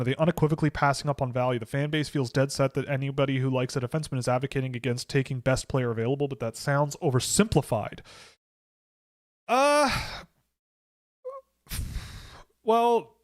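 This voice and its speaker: Rambling man on a live stream. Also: on the high side. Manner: rambling, self-correcting, many fillers. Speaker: hockey draft analyst hosting a live stream. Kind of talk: casual live-stream commentary.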